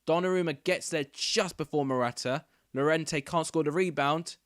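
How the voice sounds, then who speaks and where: Excitable young football watchalong host. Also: male voice, a little high, moderate pace, no room sound, studio quality. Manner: chatty, rambling, bursts into excited shouts at near misses. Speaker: YouTuber hosting a football watchalong. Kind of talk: live match commentary and casual chat.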